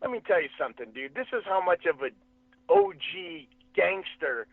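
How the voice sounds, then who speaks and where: A man, a podcast guest, telling a story in a casual, animated way, with quick restarts and calling the host "dude". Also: sits high, vocal fry. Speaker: guest, fight promotion executive and manager. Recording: tinny phone-like dry sound.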